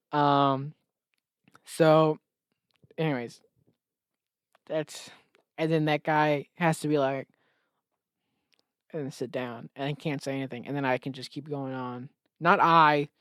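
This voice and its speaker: A man's voice: a little high, steady tone, measured pace, pauses often, clear, resonant tone, dry recording, studio quality. Rambling sarcastic male podcast host. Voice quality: rambling, sarcastic, self-interrupting. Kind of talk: solo comedic podcast rant.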